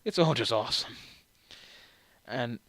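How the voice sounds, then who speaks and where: A man's voice: mid-range voice, animated, measured pace, fairly bright tone, no echo. A man giving casual let's-play commentary while tipsy, rambling and self-deprecating, laughing often as he talks. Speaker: game streamer.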